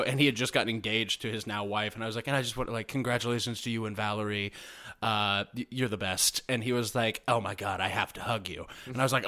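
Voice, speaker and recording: A man hosting a podcast, telling a long anecdote in an excitable, rambling way. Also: medium pitch, fairly quick. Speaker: podcast host. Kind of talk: casual chat.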